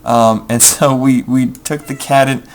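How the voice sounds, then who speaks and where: Speaking a little slowly in a steady, mid-range voice, a young man casually tells a meandering story over his gameplay. He fills it with ums and mutters about his next moves as he plays for his video.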